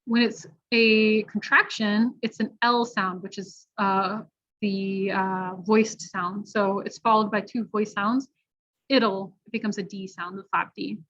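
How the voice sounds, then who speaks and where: A woman teaching a pronunciation workshop, modeling each sound slowly and deliberately. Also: medium pitch, fairly even intonation, a bit bright. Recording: dull lo-fi audio.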